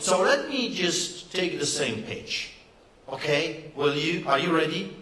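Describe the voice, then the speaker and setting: A male rally speaker gives a fiery political speech in an event hall, full of emphasis and sarcasm. His slightly high voice rings bright and forceful, echoing through the spacious room. He is expressive and takes his time.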